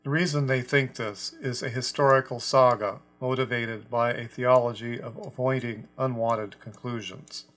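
A man teaching a scripture lesson about a translation, speaking deliberately and stressing quoted words. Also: medium pitch, steady tone, fairly bright tone. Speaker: Bible teacher.

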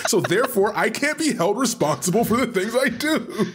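A man's voice: sing-song, moderate pace, background noise. A man co-hosting a podcast, chatty and jokey while discussing a game's story. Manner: chatty and jokey, lifting his pitch for punchlines. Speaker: podcast co-host. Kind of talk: casual lore discussion.

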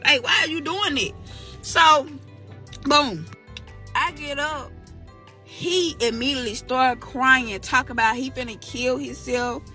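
Bright-voiced young woman telling a story. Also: high-pitched, takes it slowly, pauses often, soft background music. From Mississippi. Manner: candid, slangy, animated retelling with quoted dialogue. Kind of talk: casual storytime.

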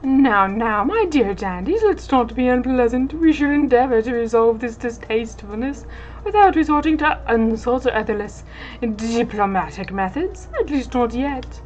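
A woman's voice: on the high side, animated, normal speed, darkish tone, dull audio, close to an everyday voice. A woman voicing a pompous, foppish male pirate captain in a video game playthrough, gloating in flowery villain speech.

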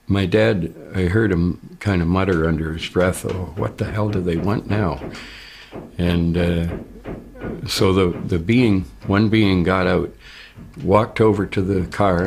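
A man's voice: low-pitched, a little mellow, a little hiss or hum. A man giving a plain, rambling first-person account as a witness. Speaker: abduction witness.

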